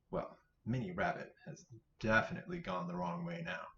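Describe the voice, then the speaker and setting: A man hosting a children's storytime, reading picture books aloud in an animated, playful way. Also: sits low, brisk, creaky, a little hiss or hum. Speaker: children's librarian, storytime host. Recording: roomy, slightly dull sound.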